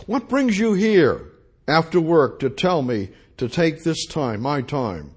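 Give me a preacher playing an impatient company owner, rough and loud, husky tone. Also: male voice, medium pitch, very animated, measured pace, heavily acted. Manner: rough, demanding. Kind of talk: sermon storytelling.

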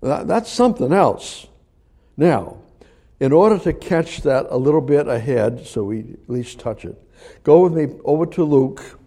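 A man preaching a sermon in a conversational way, asking the listeners questions and chuckling now and then, moving between emphatic lines and hushed ones. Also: on the high side, lively intonation, unhurried, vocal fry.

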